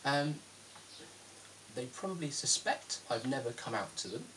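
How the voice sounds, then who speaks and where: A man's voice: mid-range voice, lively intonation, measured pace, distant mic. Chatty British man with faint hiss. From London, England. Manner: chatty, self-deprecating, frequent ums. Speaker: YouTuber answering viewer questions. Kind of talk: casual Q&A vlog.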